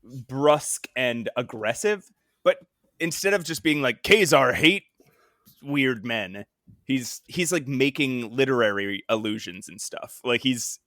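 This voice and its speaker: A man's voice: mid-range voice, a little slow, fairly bright tone, dry recording, clean studio sound. A man co-hosting a comics podcast in casual chat, laughing often and acting out quoted lines. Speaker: podcast co-host.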